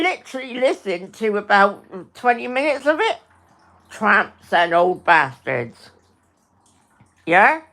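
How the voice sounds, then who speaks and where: A middle-aged woman on a home livestream, talking slowly and deliberately but heated throughout. She swears freely, repeats herself, and keeps turning to address her viewers by name. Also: mid-range voice, sing-song, vocal fry, bright, forceful tone. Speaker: livestream host. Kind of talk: angry livestream rant.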